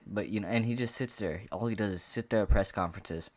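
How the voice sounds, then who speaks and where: A man's voice: fairly low pitch, fast, darkish tone. A man ranting to camera in a casual sports vlog, heated and profane, rambling with frequent restarts. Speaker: MMA commentary vlogger.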